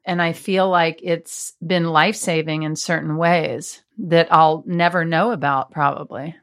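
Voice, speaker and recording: Woman hosting a podcast, slow easy pace, reflective chat. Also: deep voice, steady tone, a bit bright, dry recording, clean studio sound. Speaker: podcast host. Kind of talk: casual chat.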